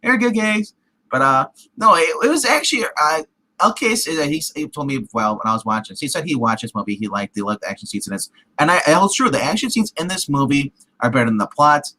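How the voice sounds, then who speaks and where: A man's voice: fairly high pitch, fast talker, low-quality recording. A man co-hosting a film review show, rambling through the plot in casual chat. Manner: rambling, acts out scenes in lively put-on voices.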